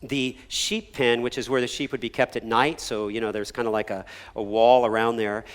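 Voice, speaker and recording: A pastor giving a conversational sermon, checking in with "right?" and "okay?", sometimes dropping to a hushed near-whisper on key words and acting out the people in his stories. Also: medium pitch, normal speed, clean tone. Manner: conversational preaching with frequent "right?" and "okay?" asides; animated voices when acting out a story. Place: church sanctuary. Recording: long church hall reverb.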